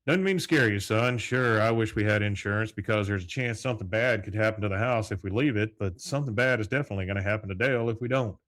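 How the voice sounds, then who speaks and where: A man's voice: lowish voice, fast talker, few pauses, a bit bright, dry recording, lightly acted. A man voicing a stern, earnest middle-aged father who speaks to his son in a firm, matter-of-fact way.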